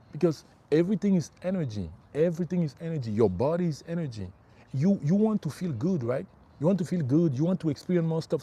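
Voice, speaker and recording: A man's voice: fairly high pitch, warm tone, husky. A middle-aged man working as a spiritual life coach, giving an emphatic motivational livestream talk. He repeats his key phrases and calls his listeners bro.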